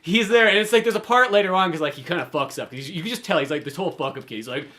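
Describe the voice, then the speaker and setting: Fast, bright-voiced man ranting about movies. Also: high-pitched, expressive. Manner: rambling and profane, heavy use of "like". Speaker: podcast co-host. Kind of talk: casual movie review chat.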